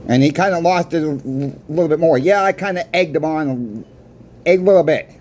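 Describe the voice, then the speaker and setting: A man's voice: on the high side, a little fast, darkish tone. A man who runs a coin shop, telling a story casually to camera and often stammering and restarting his words. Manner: stammers and restarts words while recounting a conversation.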